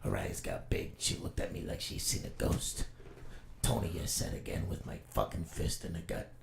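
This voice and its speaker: Brooding noir vigilante voiced by a man: deep, gravelly, half-whispered threats. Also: wildly swooping pitch, normal speed, background noise, exaggerated voice. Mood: grim. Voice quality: low gravelly whispered growl. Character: gritty noir vigilante man, grim and menacing.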